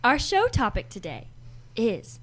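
A woman's voice: fairly high pitch, huge pitch swings, measured pace. A teenage girl co-hosting a kids' radio show, chatting playfully and agreeing along. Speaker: co-host. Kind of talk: casual chat on kids' radio.

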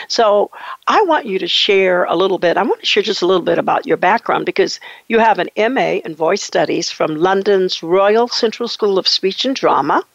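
A woman's voice: lowish voice, vocal fry, dry recording. A woman hosting a radio-style podcast, talking enthusiastically and heaping praise on her guest. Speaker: podcast host. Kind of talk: radio talk show hosting. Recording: dull lo-fi dry sound.

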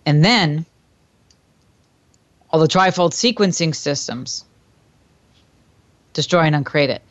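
A woman's voice: deep voice, measured pace, pauses often, lo-fi sound. A woman hosting a self-help radio talk show, coaching a listener emphatically and repeating phrases in chant-like sequences. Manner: addresses listener tenderly as "my dear".

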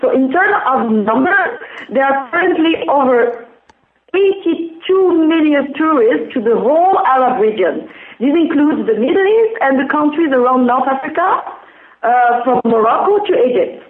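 Woman w a french accent explaining her business over a tinny echoey phone line, careful and measured. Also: sits high, animated. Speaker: interview guest, business founder.

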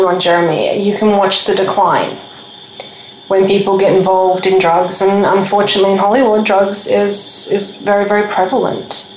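A woman's voice: medium pitch, slight background noise. Chatty woman radio host, echoey room. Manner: chatty and bubbly, rattling off shout-outs. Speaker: radio talk show host. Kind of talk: casual radio chat.

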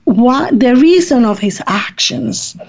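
A woman speaks slowly and earnestly about faith, and her grammar is nonstandard. The sound is muffled and lo-fi. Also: a little high, animated, gravelly, darkish tone. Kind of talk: faith talk on a podcast. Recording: muffled lo-fi recording.

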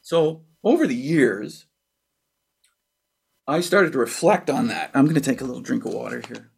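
A man from Canada, a percussionist and author, telling a childhood story in an interview, acting out quotes and sound effects, with pauses and fillers. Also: medium pitch, lively intonation, vocal fry, darkish tone, slightly rough.

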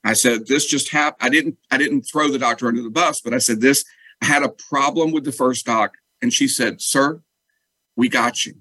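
A man, a guest telling a personal story in lively, casual talk and acting out what others said. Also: medium pitch, a little fast, dry recording, rough recording. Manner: animated, acts out quoted dialogue.

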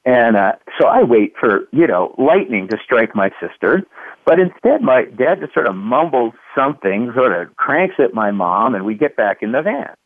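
A man's voice: mid-range voice, normal speed, no echo. A man in his fifties from Kentucky, a guest author telling a family story in a radio interview and acting out the quoted lines. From Louisville, Kentucky, USA. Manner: animated storyteller, acts out quotes. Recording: dry, phone-like line.

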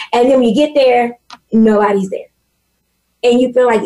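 Loud, animated husky-voiced woman guest. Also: fairly high pitch, a little fast, rough recording. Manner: loud, animated, preachy storytelling. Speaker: podcast guest. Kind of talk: casual faith and business chat.

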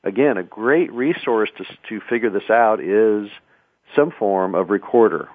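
Speaking fairly low and unhurried, a man runs a radio talk show where he gives chatty advice on public speaking and keeps restarting words. There's no room sound, and the recording has a thin, phone-like radio tone.

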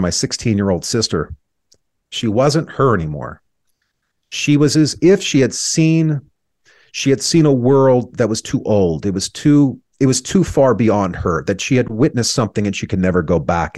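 A man's voice: on the low side, lively intonation, normal speed, a little mellow, no echo, studio quality. A man in his thirties, an interview guest, telling a painful personal story in an earnest, reflective way, his voice sometimes breaking with emotion.

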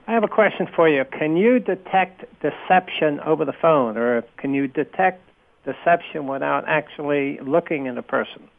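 A man hosting a radio show, thanking a guest and asking her questions in a polite, measured way. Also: a little high, animated, creaky. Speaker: radio host. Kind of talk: radio interview. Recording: tinny phone-like line.

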